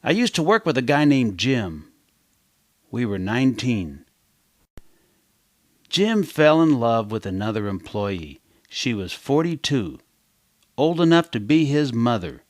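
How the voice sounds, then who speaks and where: A man's voice: mid-range voice, big pitch swings, unhurried, pauses often, dry recording, clean studio sound. A man teaching a lesson for kids in a wry, conversational storytelling way. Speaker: language teacher. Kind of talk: children's lesson narration.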